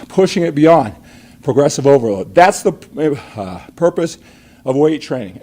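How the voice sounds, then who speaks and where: A man's voice: medium pitch, warm tone. A middle-aged man hosting a live workout stream, coaching emphatically and asking rhetorical questions, a little out of breath after a set. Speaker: fitness coach and live show host.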